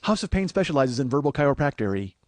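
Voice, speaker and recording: A comedy podcast host with a mid-range voice talks fast, his pitch swinging widely, over a noisy background. He rambles through casual chat on a close studio mic, mocking himself and slipping into silly voices.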